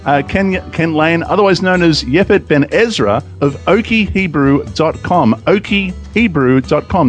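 A man's voice: on the high side, expressive, measured pace, few pauses, soft background music. A man hosting a podcast in casual, chatty talk, often laughing. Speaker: podcast host.

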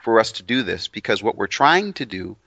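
Low, forceful man co-hosting. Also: sing-song, a little fast, no echo. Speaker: co-host. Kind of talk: casual religious discussion. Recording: dry, muffled lo-fi audio.

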